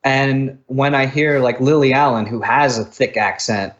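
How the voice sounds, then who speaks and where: An American man with a mid-range voice talks casually as a podcast co-host. He is chatty and quick to jump in. His voice comes through a dull, lo-fi recording. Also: mid-range voice, fairly even intonation. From United States. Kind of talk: casual music-review chat. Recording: dull lo-fi sound.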